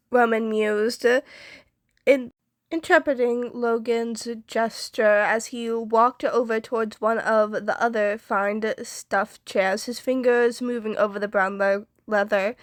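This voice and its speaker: A woman reading fan fiction aloud, unhurried and with frequent restarts. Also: on the high side, steady tone, no room sound, studio quality.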